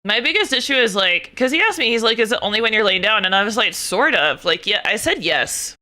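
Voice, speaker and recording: Bright, crisp young woman streamer. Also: on the high side, fairly quick. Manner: animated, swearing, exasperated ranting. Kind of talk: casual chat.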